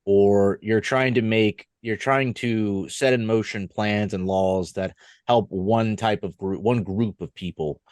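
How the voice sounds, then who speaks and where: A man co-hosting a podcast in casual chat, rambling and halting as he makes a point. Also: fairly low pitch, fairly even intonation, darkish tone, dry recording, clean studio sound. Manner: rambling, halting, lots of fillers and restarts. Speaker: podcast co-host.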